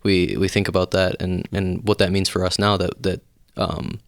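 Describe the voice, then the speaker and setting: A man hosting a church podcast, speaking in a halting way with many restarts. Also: deep voice, little pitch movement, vocal fry, dry recording, clean studio sound. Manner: halting, lots of restarts and fillers. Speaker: podcast host. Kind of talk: casual chat.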